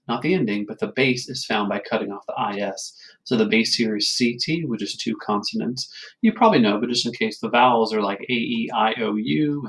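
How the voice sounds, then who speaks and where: Man, teacher, recorded lesson; patient, steady explainer with a mid-range voice. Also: mid-range voice, rough recording. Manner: patient, explanatory, frequent "okay?" check-ins. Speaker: Latin teacher. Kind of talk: recorded classroom lecture.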